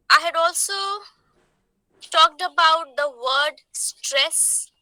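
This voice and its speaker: A woman teacher explains at a slow, deliberate pace, often asking her class questions. Her voice is high and very bright. She coughs often, and the sound is dry and close. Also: no echo, low-quality recording. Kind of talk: online lecture.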